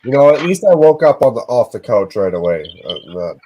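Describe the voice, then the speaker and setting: A man's voice: medium pitch, big pitch swings, a little fast, dull audio, a little hiss or hum. Guy hosting a lego stream, groaning and swearing at himself, voice swinging all over the place. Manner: self-reproaching, groaning, swears often. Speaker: livestream host. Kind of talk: casual livestream chat.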